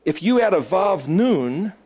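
Man, slightly higher voice, casual teacher thinking aloud and quizzing the group. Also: big pitch swings, a little slow, darkish tone, breathy edge. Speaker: Hebrew study teacher. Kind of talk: informal teaching to a small group.

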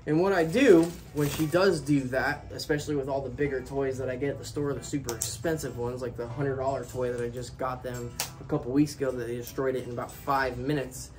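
A man's voice: mid-range voice, fairly even intonation, fairly quick, hardly any pauses, over music, rough recording. A man chatting casually in a vlog, talking playfully to his pet birds in an outdoor enclosure. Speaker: bird owner and channel host.

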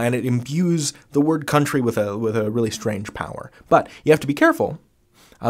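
Chatty, enthusiastic male grammar teacher. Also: medium pitch. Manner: enthusiastic, with chatty fillers and restarts. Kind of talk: conversational lesson.

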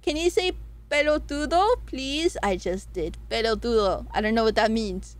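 Giggly, excitable woman streamer. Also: normal speed. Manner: giggly, excitable, swears freely, jumps between high squeals and low mutters. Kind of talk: casual livestream chat, reading poll results.

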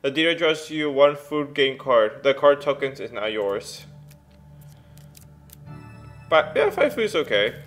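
A young man giving casual, excitable let's play commentary and reading game text aloud at home. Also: medium pitch, a little slow, pauses often, faint music behind.

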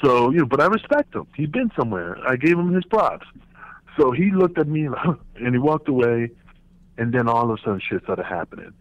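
A man, a podcast guest telling a profane, animated story and acting out the voices in it. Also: medium pitch, fairly quick, no room sound. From New York. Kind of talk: casual storytelling. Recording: slightly muffled podcast audio.

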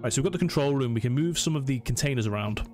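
A man's voice: mid-range voice, animated, racing, over music. A man commentating a horror let's play, nervously narrating his every move to himself. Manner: jumpy, self-narrating, talking himself through scares. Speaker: gaming channel host.

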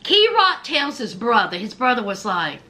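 A woman's voice: a little high, big pitch swings, moderate pace, pushed and bright. A woman giving a sassy, gossipy recap of a reality show, acting out what the cast said. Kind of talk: animated show recap commentary.

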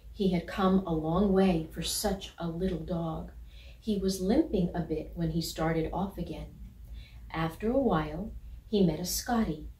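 A woman reading a children's picture book aloud in a gentle, measured storytelling voice. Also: fairly low pitch. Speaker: storybook reader. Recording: roomy, from a distance.

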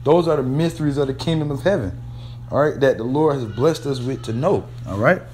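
Man, informal preacher, street slang, swearing, hesitant, repetitive tag questions, mid-pitched voice, faint background hum. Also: brisk, darkish tone. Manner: rambling, peppers phrases with "man" and "all right?"; blunt street slang with profanity. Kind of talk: informal sermon.

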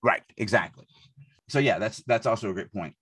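Husky-voiced man. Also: fairly low pitch, brisk, no echo. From US Deep South. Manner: animated, thinks aloud with frequent restarts. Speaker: podcast co-host, writing editor. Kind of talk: casual podcast discussion.

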